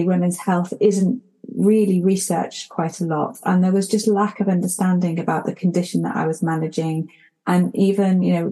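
A woman's voice: fairly low pitch, dark tone. A woman being interviewed as a health expert, earnest and explanatory, with fillers. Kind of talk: radio interview.

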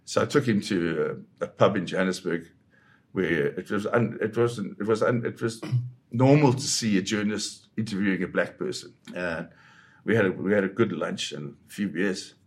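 A photojournalist guest with a deep voice tells a dramatic first-person story at a moderate pace. He's a vivid storyteller who slips into quoting other people's voices.

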